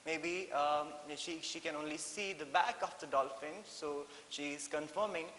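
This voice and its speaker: A male English teacher with an Indian English accent talks through a story in an animated, repetitive way, slipping into Hindi now and then. His slightly high voice sits in an echoey room with long reverb and a faint hiss. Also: a little slow. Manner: animated, mixes in Hindi, many fillers and repeats. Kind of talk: classroom lesson explaining a story.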